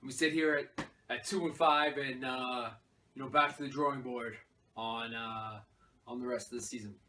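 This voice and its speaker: Man playing a raging football head coach at a mock press conference, high voice swinging wildly, drawn-out words, sharp bright tone, snapping at reporters. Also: sing-song, slight background noise, full character voice. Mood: sulking. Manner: defensive, snapping, shouting at reporters. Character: furious losing male football head coach, hot-tempered.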